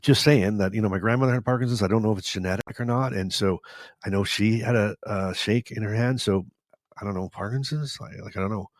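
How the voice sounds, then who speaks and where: A man's voice: lowish voice, fast talker, dry recording, studio quality. A man in his forties from Canada, hosting a live Q&A and telling his story in a rambling way, correcting himself and laughing often. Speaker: host.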